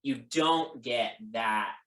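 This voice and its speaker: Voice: medium pitch, extremely slow. Laid-back game master running a dnd fight, lots of ums, echoey room. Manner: relaxed, with many fillers. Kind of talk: narrating a tabletop game.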